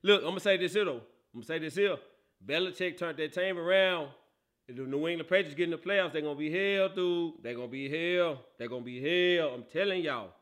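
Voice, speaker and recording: Guy doing a football picks show, high bright voice, cracks up laughing all the time. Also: fast. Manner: laughs a lot, animated and teasing. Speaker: sports show host. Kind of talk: casual sports talk.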